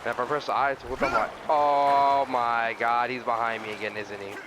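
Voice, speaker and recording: A man's voice: mid-range voice, little pitch movement, normal speed, noisy background. A young man giving profane, jumpy commentary while playing a game, shrieking at scares and muttering in between. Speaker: gaming video host. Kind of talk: profane let's-play commentary. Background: background music.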